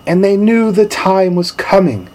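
A male pastor giving a sermon in a relaxed, storytelling manner with casual slang. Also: high-pitched, a little slow.

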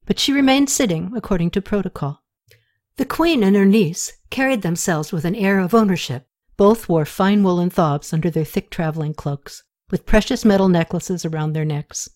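A woman narrating a historical novel as an audiobook in calm, even storytelling. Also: fairly low pitch.

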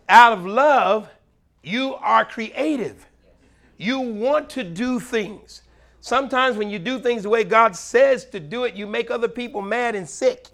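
A middle-aged man preaching a sermon as pastor, animated, swinging between loud highs and quiet low murmurs. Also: unhurried, gravelly.

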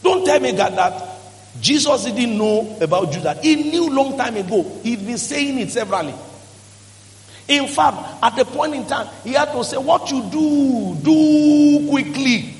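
A man's voice: very high-pitched, lively intonation, normal speed. A male pastor, preaching emphatically and acting out quoted voices in a church hall. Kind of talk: sermon.

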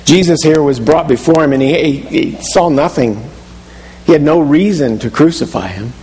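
A man's voice: fairly high pitch, expressive, normal speed, darkish tone, in a large hall, rough recording. A man preaching a sermon, telling a story vividly in the second person and often restarting his phrases. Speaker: pastor.

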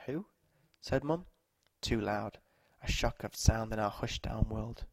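A man narrating short stories aloud at a measured, steady pace. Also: on the low side, no echo.

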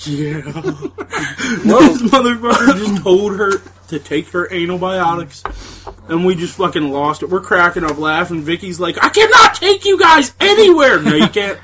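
A man's voice: high-pitched, a little slow, very noisy. A man co-hosting a casual comedy podcast, telling crude stories and laughing through them. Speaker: podcast co-host.

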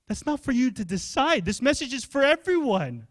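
A young adult male pastor, preaching a sermon in an animated, conversational way and asking the congregation questions. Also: extremely high pitch, moderate pace, dry recording, studio quality.

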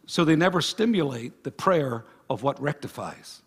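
A man's voice: on the high side, expressive, moderate pace, slightly rough. A man preaching a sermon as pastor at a church service, emphatic and full of repeated phrases. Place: church service before a congregation.

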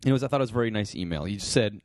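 Lively wry podcast co-host man. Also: lowish voice, rapid-fire, no room sound, clean studio sound. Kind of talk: casual chat.

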